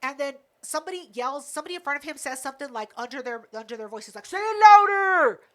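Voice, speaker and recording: A woman co-hosting a podcast, telling a story in a casual, animated rant full of swearing. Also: high voice, very fast. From United States. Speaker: podcast co-host. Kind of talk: casual chat.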